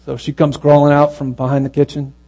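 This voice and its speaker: Storytelling preacher with a hum behind. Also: male voice, fairly high pitch, completely flat delivery, rough recording. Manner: conversational storytelling that grows hushed and slow at the moving parts. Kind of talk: sermon storytelling.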